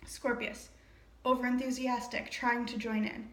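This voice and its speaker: A woman's voice: on the high side, fairly even intonation, a little slow. A woman casually reading a play aloud and chatting about it, with frequent laughs and rambling asides. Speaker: reader and commentator. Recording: roomy echo.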